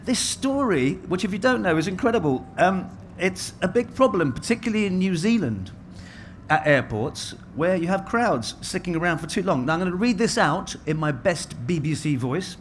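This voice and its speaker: A man's voice: high-pitched, big pitch swings, normal speed, a little hiss or hum. A middle-aged man hosting a conference as master of ceremonies, chatty and self-mocking, speaking into a stage microphone in a large hall. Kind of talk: conference welcome speech.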